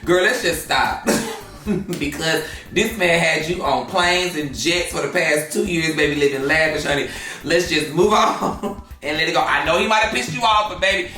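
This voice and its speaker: A man's voice: a little high, moderate pace, sharp tone. A man hosting a gossip show, talking sassy and exclaiming, laughing often. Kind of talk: casual drama commentary. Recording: echoey room, distant from mic, faint music.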